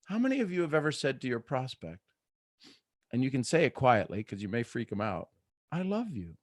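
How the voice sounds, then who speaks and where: A man hosting a live motivational morning show, preaching with soft asides and sudden loud bursts of excitement. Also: mid-range voice, a little fast, no room sound, clean studio sound. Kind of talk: energetic motivational talk.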